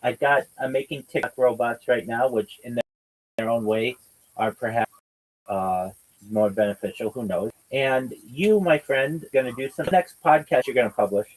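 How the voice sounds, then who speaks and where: A man's voice: medium pitch, moderate pace, poor audio. Podcast host guy ribbing his cohost, rambly and lecturing in a joking way. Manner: teasing, rambling, mock-lecturing. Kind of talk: casual livestream chat.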